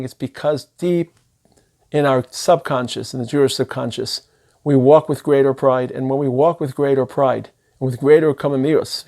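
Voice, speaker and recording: A man's voice: mid-range voice, vocal fry, darkish tone. A man, a rabbi who lives in Israel, giving an impassioned holiday sermon that builds through long spoken lists. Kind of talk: sermon-style speech.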